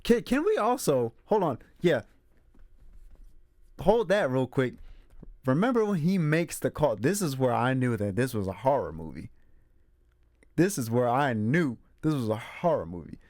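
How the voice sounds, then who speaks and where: A young man talks casually about a film he loves, with an animated way of retelling scenes. His voice sits at a medium pitch. The sound is dry and close, with no room echo. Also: unhurried, pauses often. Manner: animated retelling, acts out character quotes. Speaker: movie reviewer host.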